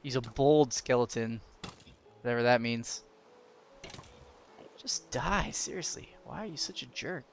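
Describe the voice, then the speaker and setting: A young man giving casual gameplay commentary, excitable, laughing and yelping when danger comes, chatting to the game's creatures. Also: medium pitch, a little slow, vocal fry, pauses often, slight background noise. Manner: excitable, yelps and laughs at danger, talks to game mobs. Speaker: gaming commentator.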